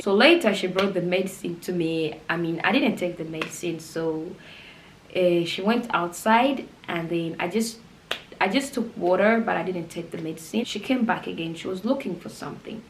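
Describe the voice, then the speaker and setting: A young woman telling a personal story in a vlog, animated and laughing often as she goes. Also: fairly low pitch, normal speed. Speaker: vlogger. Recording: roomy with faint background noise.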